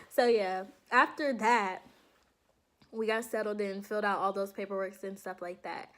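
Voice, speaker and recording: A young woman vlogging to her viewers in a casual, animated storytelling way, laughing often and calling them y'all. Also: mid-range voice, measured pace, pauses often. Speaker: vlogger recounting her enlistment processing.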